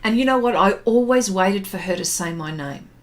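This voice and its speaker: A woman's voice: medium pitch, expressive, moderate pace. A middle-aged woman hosting an art livestream, chatting casually and reminiscing with plenty of fillers while she draws. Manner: rambling, reminiscing, with many fillers and laughs. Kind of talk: casual chat while drawing and reading viewer comments.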